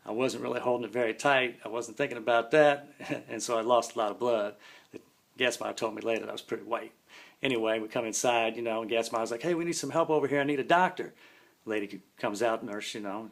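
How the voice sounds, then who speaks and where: A man's voice: lowish voice, fairly bright tone. A man casually telling a long story from his past, rambling and folksy, full of "you know" and "man".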